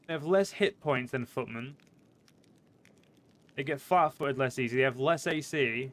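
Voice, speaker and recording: A man's voice: fairly high pitch, fairly bright tone. A man streaming a game, chatting casually and profanely to his viewers. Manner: casual and profane, talks to chat, stretches words.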